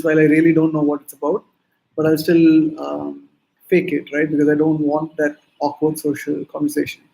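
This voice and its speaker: A man with an Indian English accent speaks to a conference audience about building a startup. His voice sits fairly high but sounds dark and mellow. He keeps checking in with a quick "right?" between points. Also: low-quality recording. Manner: conversational, peppered with "right?" and "um". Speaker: startup founder giving a talk. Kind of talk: conference talk.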